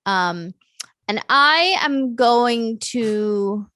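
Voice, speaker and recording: A woman playing a tabletop game, chatty and hesitant with many ums, breaking into excited bursts. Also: on the high side, drawn-out words, no room sound. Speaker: player. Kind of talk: casual tabletop play.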